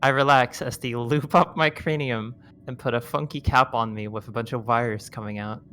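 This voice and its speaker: A man's voice: mid-range voice, fairly even intonation, normal speed, a bit bright. A young man in his twenties reading a visual novel aloud on stream in a casual, joking manner. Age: 20s. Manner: casual, joking, frequent restarts and laughs.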